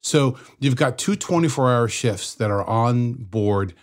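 A man's voice: mid-range voice, lively intonation, measured pace. A man co-hosting a true-crime show, explaining investigative procedure step by step in a conversational way.

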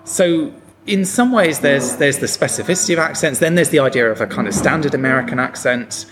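A man's voice: fairly high pitch, fairly quick, over music. An English man with an English accent hosting a podcast, talking thoughtfully with hesitant fillers. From England. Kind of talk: casual podcast chat.

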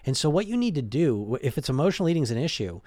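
A weight-loss coach gives a casual motivational talk, chatting along, restarting and repeating words, and constantly asking "right?" and "you know?". His voice is a little mellow and on the high side, swinging widely in pitch as he races ahead. The recording is dry.

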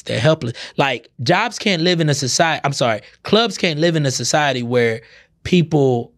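A man's voice: mid-range voice, slightly rough. A young man hosting a podcast, delivering a profane, heated comedic rant with lots of swearing. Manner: profane, heated, animated ranting. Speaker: podcast host. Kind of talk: ranting comedic monologue.

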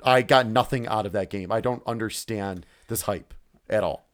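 A man's voice: on the low side, moderate pace. A man co-hosting a casual podcast, rambling, swearing freely and acting out his own reactions. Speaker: podcast co-host. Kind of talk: casual chat.

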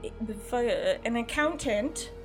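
A woman's voice: fairly high pitch, lively intonation, very slow, music in the background. Rambling young woman telling a story. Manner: rambling, hesitant, many fillers and restarts. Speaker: player character. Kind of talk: in-character tabletop role-play.

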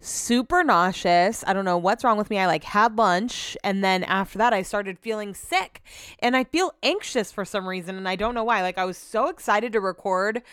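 A woman chats on her own podcast in a candid, rambling way, leaning on little filler words as she goes. Her voice comes through smooth and clear. The sound is close and dry, with no room echo. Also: mid-range voice, normal speed, a bit bright. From Sacramento area, US. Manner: chatty, candid, heavy on "like" fillers. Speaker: podcast host. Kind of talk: casual solo chat. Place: at home.

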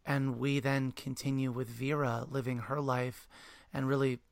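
A man interviewing an author about a picture book in an enthusiastic, halting conversational way. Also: mid-range voice, level tone, creaky, dry recording. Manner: warm, enthusiastic, halting with restarts.

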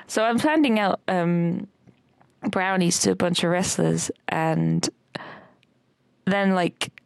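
A woman's voice: fairly low pitch, takes it slowly, vocal fry, no echo. A woman co-hosting a podcast, telling a rambling dream story with lots of fillers and laughter. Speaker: podcast co-host recounting a dream. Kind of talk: casual chat.

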